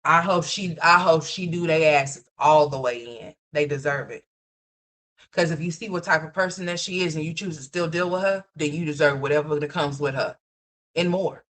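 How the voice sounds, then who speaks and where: Blunt, cussing woman streamer with a bright voice. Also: sits low, normal speed. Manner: blunt, profane, scolding. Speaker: livestream commentator. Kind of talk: casual live commentary. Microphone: streaming mic.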